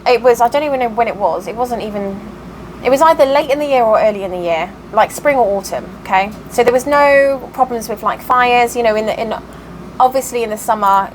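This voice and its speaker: A woman with a fairly high voice tells a long story from home in a loose, rambling vlog style. She keeps stopping herself with fillers and restarts, and a faint hiss sits under her voice. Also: low-quality recording. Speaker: cross stitch vlogger. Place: at home by an open window.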